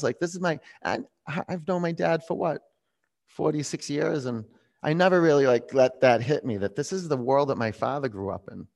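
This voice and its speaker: A man in his forties leading a yoga class, calm and reflective as he tells a personal story between pose cues. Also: on the high side, fairly quick, gravelly. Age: 40s. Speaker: yoga instructor.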